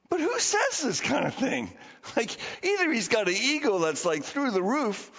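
A man preaching a sermon as pastor in a chatty, animated way, laughing often. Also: high-pitched. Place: church sanctuary. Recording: dull lo-fi sound in a reverberant hall.

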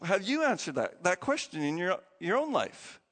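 A man preaching a sermon, opening with a prayer and telling stories with animated, lively delivery. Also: high voice, moderate pace. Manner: animated storytelling, acting out quoted voices. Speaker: pastor. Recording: long hall reverb.

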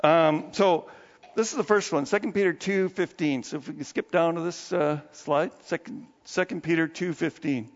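A man preaches in a casual, folksy storytelling manner, in a rather high voice with a gravelly edge. His words ring through a long hall reverb. The recording is dull and lo-fi. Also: normal speed. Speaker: pastor. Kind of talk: sermon.

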